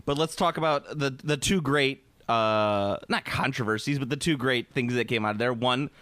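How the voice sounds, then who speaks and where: A man hosts a podcast in loose, rambling chat and tells his stories with crude jokes. His voice sits at a middling pitch. The sound is dry and close on a podcast mic. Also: normal speed, fairly bright tone, no room sound. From American Midwest. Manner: rambling storyteller, crude, jokey. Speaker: podcast host. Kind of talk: casual chat.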